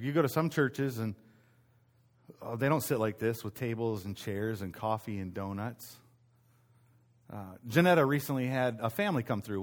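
A man pastor giving a casual, conversational sermon, telling stories with frequent restarts in a church meeting room. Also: mid-range voice. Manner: conversational storytelling, self-interrupting restarts.

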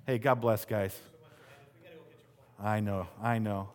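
A middle-aged man preaching a sermon as pastor to his church, conversational and animated, with playful asides to the congregation. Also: mid-range voice, normal speed.

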